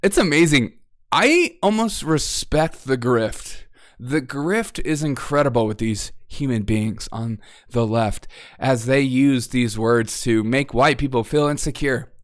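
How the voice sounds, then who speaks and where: A man's voice: medium pitch, a little slow, dry recording, clean studio sound. A man hosting a comedy news show, giving sarcastic, mocking commentary and breaking into laughter often.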